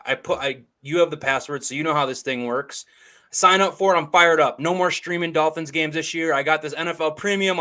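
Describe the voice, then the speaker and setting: A man co-hosting a sports chat in a laid-back, casual way, with moments where he gets fired up. His voice sits a little above the usual male pitch. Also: fairly bright tone. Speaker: co-host.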